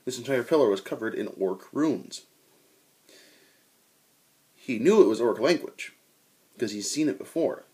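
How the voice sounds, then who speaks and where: Husky-voiced young man recounting a tabletop game. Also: mid-range voice, unhurried, long pauses. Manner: animated, swearing, with quoted voices. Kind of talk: casual storytelling.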